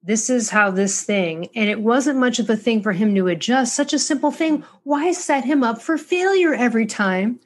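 A woman's voice: on the high side, moderate pace, few pauses. A woman hosting a podcast who chats casually, affirming her guest and chiming in eagerly. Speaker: podcast host.

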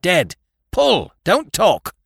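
A man voicing a gruff sea captain who roars urgent orders in a crisis, as an audiobook character voice. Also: high voice, wildly swooping pitch, extremely slow, fairly bright tone, no echo, clean studio sound, pitched above the performer's own voice, full character voice. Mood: shouting orders.

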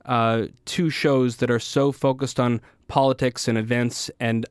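A male host asking interview questions in a measured way, with occasional fillers. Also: medium pitch, level tone, clear, resonant tone, dry recording, clean studio sound. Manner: measured, with some hesitant fillers.

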